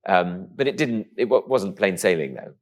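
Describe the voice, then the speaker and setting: A man from England with a posh-sounding voice, telling stories in a camp, animated way as a guest in an interview. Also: low voice, moderate pace. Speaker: comedian guest. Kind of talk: casual interview chat.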